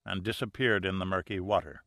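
A man giving steady, measured scripted narration of an adventure audiobook. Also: low voice, dry recording, clean studio sound.

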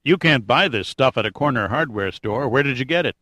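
A man's voice: mid-range voice, lively intonation, a little fast, bright, forceful tone, no echo. A man voicing a wry, questioning male geologist in an audiobook, close to his own voice.

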